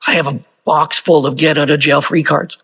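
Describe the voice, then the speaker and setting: A man preaches with a husky, slightly high voice. He talks to his congregation in a loose, conversational way, throwing out rhetorical questions as he goes. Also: fairly even intonation, normal speed, a bit bright. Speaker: pastor. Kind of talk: sermon.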